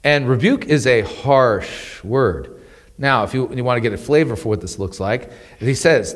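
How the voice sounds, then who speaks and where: A man's voice: medium pitch, moderate pace. Man teaching scripture in a reverberant room. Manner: animated, repeats words, chuckles often. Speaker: Bible teacher. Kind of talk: conversational Bible teaching.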